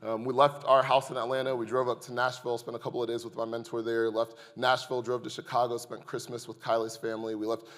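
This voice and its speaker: A man preaching to his congregation in a middle-pitched voice, mixing scripture points with a lively, joking personal story. His voice carries a long reverb tail from the large church sanctuary he is speaking in. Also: fast talker, hardly any pauses. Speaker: pastor. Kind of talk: sermon with humorous storytelling.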